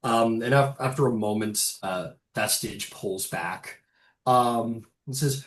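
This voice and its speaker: A man narrating as game master, casual and halting with many restarts. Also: medium pitch. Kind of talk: narrating a tabletop game online. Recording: roomy echo.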